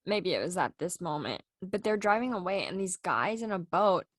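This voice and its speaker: A woman's voice: fairly low pitch, sing-song, moderate pace, no echo, studio quality. A young woman co-hosting a podcast, recapping a TV episode in a plain, matter-of-fact way. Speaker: podcast co-host. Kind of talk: casual chat reviewing a TV show.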